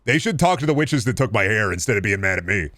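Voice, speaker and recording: A man with a deep voice streaming a game, chatting casually and swearing through quick asides, close to a studio microphone. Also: animated, pushed and bright. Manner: chatty, profane, quick asides while playing. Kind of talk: casual gaming stream chat.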